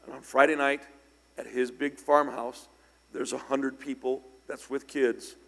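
An older man preaching a storytelling sermon, speaking conversationally with sudden loud, emphatic bursts. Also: medium pitch, flat delivery, measured pace, gravelly. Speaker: pastor. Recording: long church hall reverb.

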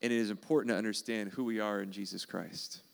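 A man preaches a sermon earnestly, driving points home by repeating them. His voice sits low and has a gravelly edge. Under the grit the tone stays smooth and resonant. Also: steady tone, fast. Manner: earnest, emphatic preaching with repetitions. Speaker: pastor.

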